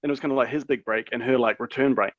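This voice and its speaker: A man's voice: medium pitch, fairly even intonation, very fast, no echo. Rambling male podcast co-host. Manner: rambling, filler-heavy. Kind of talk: casual podcast chat. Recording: dull dry lo-fi sound.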